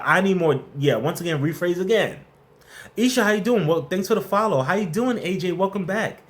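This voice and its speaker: A man's voice: fairly high pitch, expressive, a little fast. A man hosting a casual workplace advice livestream, answering viewer questions and greeting the chat by name in a playful, slangy way.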